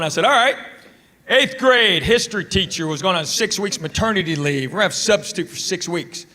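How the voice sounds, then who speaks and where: A middle-aged man performing stand-up comedy, telling family stories in a deadpan way with pauses before punchlines. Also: high-pitched, slight background noise. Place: comedy club stage. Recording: live stage audio with audience laughter. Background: audience laughter.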